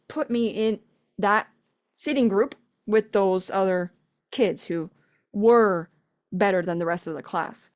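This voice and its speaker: A young woman guest on a podcast, chatting casually and telling animated stories with quoted voices. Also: fairly high pitch. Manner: animated storytelling, acts out quoted voices, laughs often. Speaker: podcast guest, language coach. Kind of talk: casual conversation.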